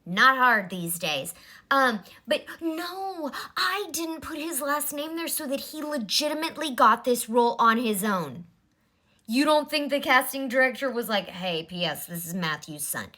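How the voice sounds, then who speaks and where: A woman's voice: sits high, animated, unhurried, pushed and bright. A woman in her forties giving a blunt, exasperated commentary in a vlog. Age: 40s. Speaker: vlogger.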